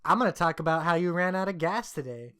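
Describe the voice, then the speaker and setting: A man's voice: on the high side, animated, fast, sharp tone, clean tone, no echo. Young man telling stories with a dry close sound. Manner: laughing, teasing, storytelling. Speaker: podcast co-host. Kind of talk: casual profane banter.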